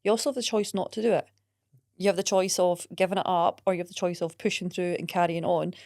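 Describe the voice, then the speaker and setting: A woman, a coach talking in a casual podcast chat, quick, earnest and emphatic. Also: on the low side, fairly even intonation, a little mellow.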